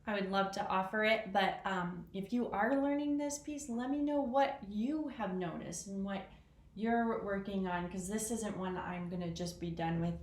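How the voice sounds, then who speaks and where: A woman talking casually through how she practices a piano piece, chatty and self-deprecating, counting rhythms out loud. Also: medium pitch, moderate pace. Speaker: piano teacher. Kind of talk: casual piano lesson vlog. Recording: echoey room with piano. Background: piano playing.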